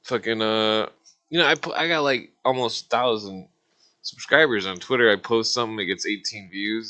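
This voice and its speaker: A man's voice: fairly low pitch, moderate pace, sharp tone. A man in his forties rambling to his livestream viewers, swearing constantly and laughing at his own jokes. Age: 40s. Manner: rambling, profane, laughs often. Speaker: streamer. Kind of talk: casual livestream rant.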